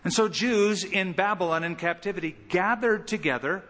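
A man preaching an expository sermon as pastor, animated, with big swings in pitch and loudness. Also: normal speed, long reverb tail.

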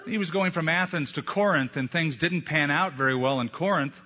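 A man preaching a sermon as a pastor, emphatic, with slow deliberate pauses. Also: on the high side, sharp tone. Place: church sanctuary. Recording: echoey hall, dull lo-fi sound.

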